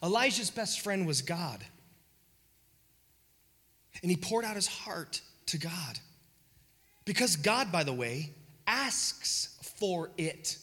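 Slow husky preacher guy, bright tone, repeats lines, gets loud then whispers, big echoey hall. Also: high-pitched, sing-song. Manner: emphatic repetition, swells loud then drops to a whisper. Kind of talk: sermon.

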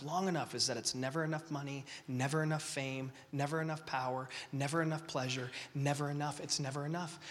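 A man with a fairly high voice preaches a sermon to a youth gathering, impassioned and swinging from whispers to shouts, all while fighting the flu. The long reverb of the large hall surrounds him.

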